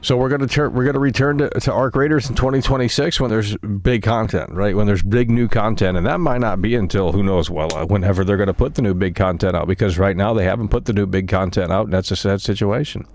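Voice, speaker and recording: Gravelly-voiced male gaming streamer. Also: on the low side, fast talker, few pauses, a little mellow. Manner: rambling and matter-of-fact, calling on viewers to engage. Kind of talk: casual live-stream talk.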